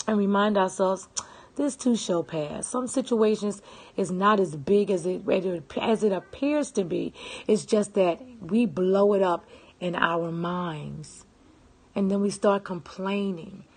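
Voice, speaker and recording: In a mid-range, slightly rough voice at a moderate pace, a woman offers casual motivational advice as a self-help speaker. Her style is emphatic and repetitive, with frequent "okay?" and "right?" check-ins and greetings to live viewers.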